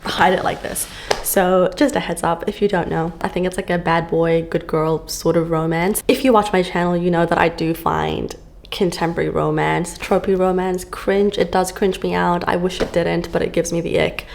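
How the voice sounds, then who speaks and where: A woman's voice: on the low side, fairly even intonation, moderate pace, gravelly, darkish tone, a little hiss or hum. A woman book vlogger chatting casually to camera, gushing and full of fillers, filmed at home on a camera on a stand.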